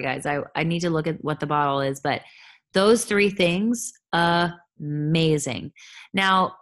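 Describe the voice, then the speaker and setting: A woman in her thirties, a holistic health coach, talking candidly and chattily on her own podcast. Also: lowish voice. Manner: candid, chatty, animated asides. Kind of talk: solo podcast monologue.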